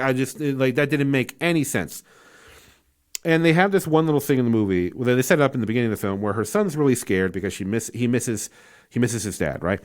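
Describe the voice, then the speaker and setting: A man giving a casual spoken movie review, incredulous and exasperated, rambling with fillers and restarts and swearing freely. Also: medium pitch.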